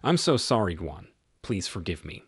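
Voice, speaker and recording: A man's voice: low voice, big pitch swings, normal speed, slightly rough, dry recording, clean studio sound, full character voice. A man voicing a remorseful unfaithful wife who begs forgiveness, in a pleading tone.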